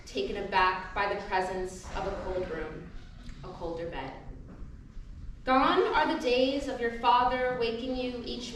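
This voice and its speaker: A woman performing a spoken-word poem at a live event, measured and soft at line ends. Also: fairly high pitch. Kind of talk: performed poetry reading. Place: live poetry event venue. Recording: very echoey hall, mic far off, faint noise.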